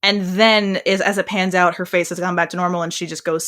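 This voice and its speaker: A woman co-hosting a chatty podcast, her voice sitting a little low. She rambles with animated energy, often breaking off and restarting her sentences. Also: fairly quick. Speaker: podcast co-host. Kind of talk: casual chat.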